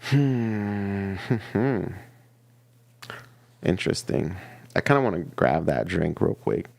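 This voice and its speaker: A man giving a casual, playful tarot reading to his viewers, chatty and quick to laugh. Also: sits low, very animated, vocal fry, darkish tone, no echo. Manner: chatty and playful, laughs often, repeats himself. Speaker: tarot reader.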